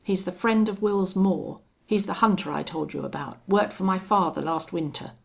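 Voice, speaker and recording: A woman's voice: fairly low pitch, moderate pace, gravelly. A woman voicing a spoiled young rancher's son who speaks harshly and with contempt. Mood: contemptuous. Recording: dull lo-fi audio.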